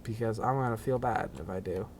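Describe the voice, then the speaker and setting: A man's voice: fairly low pitch, a little fast, darkish tone, slight background noise. A man streaming a video game, rambling through casual commentary with self-mocking asides.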